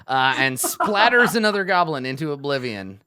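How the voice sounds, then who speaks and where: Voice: medium pitch, big pitch swings, moderate pace, bright, forceful tone, smooth. A game master narrating a tabletop game in a rambling way, full of fillers.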